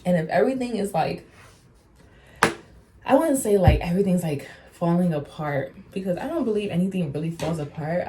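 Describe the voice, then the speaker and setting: A woman's voice: on the low side, warm tone. Sassy, blunt young woman vlogger. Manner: blunt, sassy and profane, calls viewers honey. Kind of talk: casual get-ready-with-me chat.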